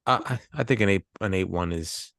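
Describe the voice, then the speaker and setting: Deep gravelly-voiced man in casual chat. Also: fairly quick, fairly bright tone, dry recording, studio quality. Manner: joking, rambling with restarts. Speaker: podcast co-host.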